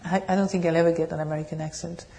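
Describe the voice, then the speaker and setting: A woman with a French accent tinged with British English, giving a meditation talk and answering questions in a gentle, searching way. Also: low voice, fairly even intonation, racing, vocal fry. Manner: gentle, searching, laughs softly, asks the audience questions. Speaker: meditation teacher. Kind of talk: dharma talk with Q&A. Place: meditation hall.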